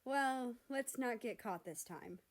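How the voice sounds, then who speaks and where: A woman's voice: on the high side, animated, takes it slowly, voice pushed up. A woman voicing a teasing, upbeat young man who works as an actor, in a storybook reading. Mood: playful.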